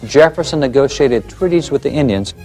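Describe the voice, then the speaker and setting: A man's voice: medium pitch, expressive, brisk, a little mellow, soft background music. A man presenting a documentary lecture, emphatic and fond of rhetorical questions.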